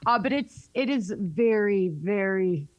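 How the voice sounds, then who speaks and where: A woman's voice: medium pitch, lively intonation, slow pace, dry recording. A woman radio host with a Southern accent, chatting candidly in an interview and laughing often. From North Carolina, US. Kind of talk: casual interview chat.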